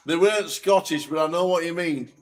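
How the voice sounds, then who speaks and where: Male co-commentator, poker, chatty and amused, voice sits a touch high. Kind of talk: casual live commentary banter. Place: commentary booth at a live poker event.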